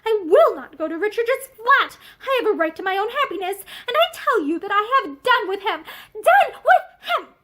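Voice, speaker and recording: A woman's voice: very high voice, lively intonation, brisk. A woman reading as a passionate, tearful young wife. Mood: stormy. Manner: stormy and pleading.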